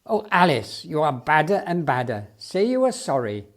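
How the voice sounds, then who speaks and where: A man voicing an excitable male circus elephant keeper who gushes in broken English. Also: a little high, moderate pace. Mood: excited. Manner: eager, gushing, broken English.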